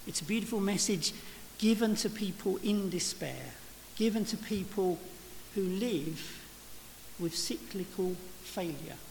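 A man's voice: high-pitched, lively intonation, a little slow, vocal fry, darkish tone. A man preaching a sermon in a church, speaking reflectively and often restarting his phrases. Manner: reflective, with frequent restarts and "you know". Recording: reverberant church hall with faint hiss.

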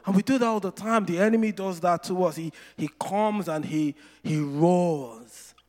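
Preacher in a reverberant hall. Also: male voice, sits high, darkish tone. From Nigeria. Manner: storytelling with playful asides and slow, emphatic scripture lines. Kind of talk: sermon.

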